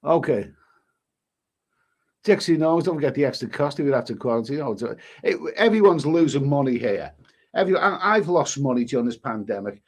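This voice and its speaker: A man's voice: medium pitch, lively intonation, a little fast. Exasperated rambling man. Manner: rambling, exasperated, swears mildly. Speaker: travel vlogger reading live chat. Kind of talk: live-stream chat.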